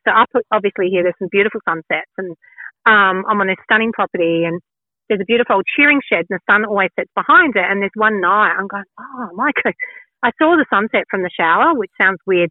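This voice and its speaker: An Australian woman telling a lively story in casual chat, acting out her own quotes. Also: mid-range voice, fast, dry recording. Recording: tinny phone line.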